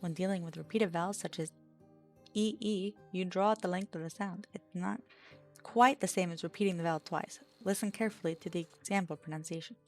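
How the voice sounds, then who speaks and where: A woman's voice: on the low side, quick pace, darkish tone, soft background music. A woman with an Australian accent streaming a game, reading lesson text aloud and chatting between lines. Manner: reads lesson text aloud, laughs and chats with partner.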